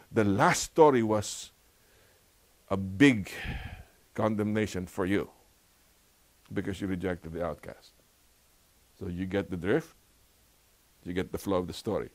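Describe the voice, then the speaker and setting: Animated man teaching a Bible lesson. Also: lowish voice. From Philippines. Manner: conversational, rhetorical questions, laughs often. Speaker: Sabbath school teacher.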